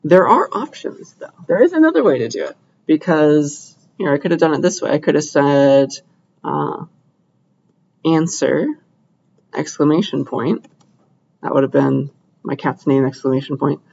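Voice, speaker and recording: A young man lecturing in a room, upbeat and often pausing to check the class is following. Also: fairly high pitch, steady tone, creaky, darkish tone, lo-fi sound. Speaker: computer science lecturer.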